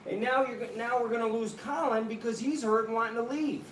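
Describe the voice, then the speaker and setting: A woman's voice: a little high, fairly even intonation, brisk. Earnest woman pleading on a phone call. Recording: roomy room, distant mic, faint noise.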